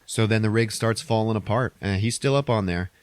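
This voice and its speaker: A man's voice: on the low side, brisk, clear, resonant tone, no echo. A young man hosting a podcast, recapping a movie in a rambling, swear-heavy casual way. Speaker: podcast host.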